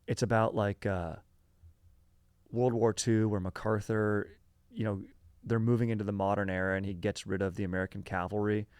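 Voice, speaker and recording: A man's voice: on the low side, level tone, moderate pace, darkish tone, clean tone, dry recording, clean studio sound. A man hosting a podcast, telling a history story in a rambling, slangy, casual way full of fillers. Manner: rambling, filler-heavy, slangy, says dude and bro.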